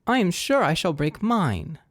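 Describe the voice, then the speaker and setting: A man's voice: medium pitch, big pitch swings, moderate pace, vocal fry, breathy edge, dry recording, studio quality, voice pushed up, full character voice. A man voicing a flighty, dramatic teenage girl in a storybook reading. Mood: pouting.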